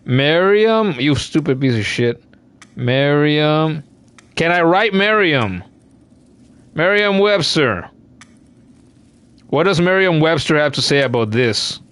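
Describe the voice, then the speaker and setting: A man's voice: on the high side, animated, slow, long pauses, fairly bright tone, clean tone, dry recording. A young man commenting on his own gameplay, swearing freely and ranting in exasperation. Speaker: let's play host.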